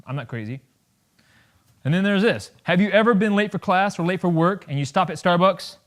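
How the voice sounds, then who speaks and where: A man's voice: high voice, expressive, brisk. Blunt, joking male veteran speaker. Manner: blunt, joking, acts out dialogue with wide swings of loudness. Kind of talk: public talk to an audience.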